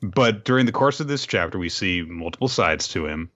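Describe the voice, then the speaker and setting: A man co-hosting a podcast, giving relaxed commentary with chuckles. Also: low-pitched, fairly quick, no echo, dull audio. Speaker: podcast co-host. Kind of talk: casual manga discussion.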